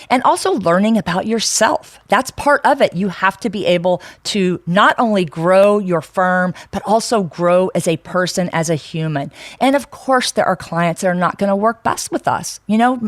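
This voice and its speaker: A woman's voice: mid-range voice, no room sound. A woman co-hosting a podcast in casual, frank talk, chatty and full of fillers and restarts. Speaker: podcast co-host.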